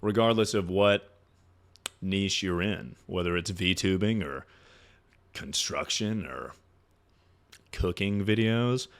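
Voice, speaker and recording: A man's voice: sits low, slow pace, pauses often, smooth. Joking, swearing young male streamer. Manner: joking, swearing, rambling with repeated words. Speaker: streamer giving advice to chat. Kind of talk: casual livestream chat.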